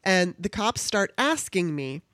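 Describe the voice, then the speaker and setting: A woman's voice: lowish voice, big pitch swings, unhurried, fairly bright tone, dry recording, clean studio sound. A woman from Southern California telling a personal story in casual chat. She acts out the voices of the people in it and laughs as she goes.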